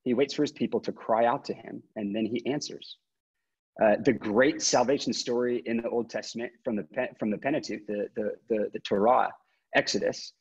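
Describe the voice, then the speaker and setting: Earnest pastor on a husky video call. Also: male voice, mid-range voice, darkish tone. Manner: earnest, many fillers and restarts, reads scripture aloud. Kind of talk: interfaith panel talk on video call. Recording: dull lo-fi video call audio.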